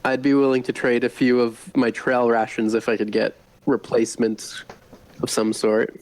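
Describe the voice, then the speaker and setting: A man playing in a tabletop game, speaking in a measured, even way. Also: mid-range voice, poor audio. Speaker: player. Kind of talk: casual tabletop play.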